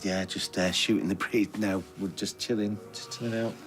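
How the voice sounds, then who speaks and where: A man's voice: sits low, fairly even intonation, normal speed, a bit bright, faint music behind. An actor playing a flustered man who rambles nervously and stumbles over his words. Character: flustered man hiding something. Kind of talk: TV soap acting.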